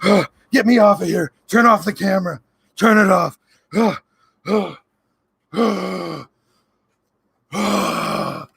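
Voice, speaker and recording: Comic impression: a man playing a frantic middle-aged conspiracy broadcaster, stammering and raving, with a gravelly edge. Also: high-pitched, takes it slowly, pauses often, a little hiss or hum, full character voice. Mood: ranting. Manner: frantic, shouting, stammering breakdown.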